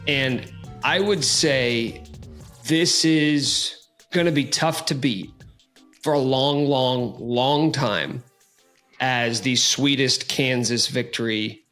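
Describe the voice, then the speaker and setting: A man's voice: medium pitch, slow pace, faint music behind. Hyped male sports podcast host. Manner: energetic, hyped, jokey. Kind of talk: casual sports podcast chat.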